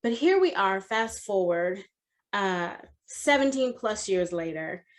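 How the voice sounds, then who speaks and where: A middle-aged woman career coach giving a motivational talk, telling a personal story in an animated, conversational way. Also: mid-range voice, takes it slowly.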